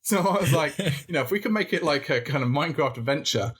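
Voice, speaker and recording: A man's voice: fairly high pitch, quick pace, slightly rough. Chatty man telling a rambling story. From north of England. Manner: rambling, animated, with frequent restarts and laughs. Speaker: podcast guest. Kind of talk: casual storytelling chat.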